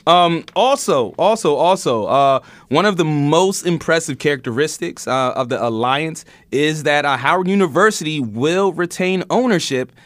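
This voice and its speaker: A male podcast host talks through the day's headlines in a loose, chatty way, laughing easily and restarting his sentences. His voice sits a little high, and the sound is dry and close. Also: expressive, moderate pace, few pauses, a bit bright, no room sound. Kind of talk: casual news chat.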